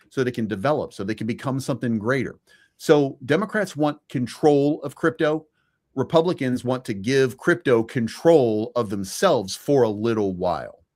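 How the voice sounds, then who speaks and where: A man's voice: mid-range voice, a little mellow. A man co-hosting a podcast, giving his opinions in casual chat, speeding up in bursts and swearing now and then. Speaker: podcast co-host.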